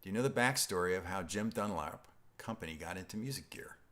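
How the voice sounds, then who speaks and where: Low-voiced man hosting a live stream. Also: quick pace, fairly bright tone. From upstate New York. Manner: rambling, self-interrupting, chuckling. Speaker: host of a guitar live stream. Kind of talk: casual live-stream chat reading viewer comments.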